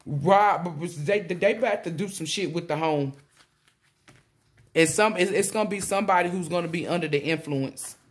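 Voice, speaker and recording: Excitable woman giving a tarot reading. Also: fairly low pitch, moderate pace. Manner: excitable, rambling, exclaims often; relays messages in blunt slang with swearing. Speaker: tarot reader. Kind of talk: casual spiritual reading to viewers.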